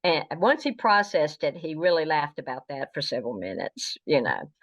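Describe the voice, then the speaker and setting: A woman's voice: low-pitched, sing-song, normal speed. A woman from the South, a guest telling stories in a chatty, meandering way. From American South. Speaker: guest, fan historian. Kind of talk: anecdotal interview storytelling. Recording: dull lo-fi recording.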